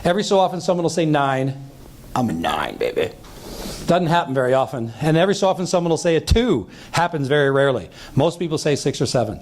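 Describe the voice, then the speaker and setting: A man's voice: a little high, lively intonation, fast talker, hardly any pauses, a little mellow, a little hiss or hum. A man teaching a seminar on sales, who acts out the dialogue he describes and keeps checking in with his listeners. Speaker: sales trainer. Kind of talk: seminar talk to a live audience.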